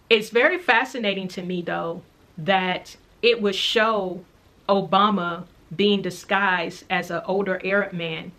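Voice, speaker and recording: A woman's voice: medium pitch, fairly bright tone. A woman earnestly telling the story of a dream in a casual, reflective way, repeating key parts. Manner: earnest, reflective, recounting slowly with repetitions. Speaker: faith vlogger sharing a dream.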